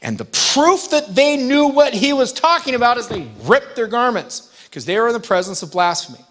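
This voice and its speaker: A pastor delivers a sermon in a high, bright-sounding male voice. He talks like he is chatting with the room, stressing key points firmly and tossing quick questions at the congregation. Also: lively intonation. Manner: conversational, emphatic preaching with asides to the congregation.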